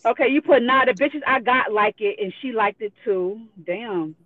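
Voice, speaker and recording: A woman's voice: fairly high pitch, moderate pace, heavy background noise. A woman calling in, reading out messages bluntly and profanely, laughing between them. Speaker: guest. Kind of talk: reading out messages on a live call. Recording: tinny phone line.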